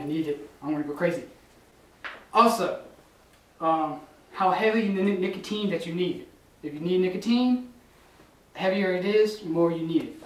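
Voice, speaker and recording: A young man presenting facts in an amateur comedy sketch, stumbling as he half-reads from notes. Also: fairly high pitch. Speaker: guest presenter. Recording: echoey room with the camera far off.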